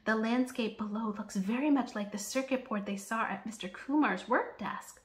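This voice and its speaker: A woman storyteller reading a children's picture book aloud in a lively, expressive way. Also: fairly high pitch, moderate pace. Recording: roomy echo.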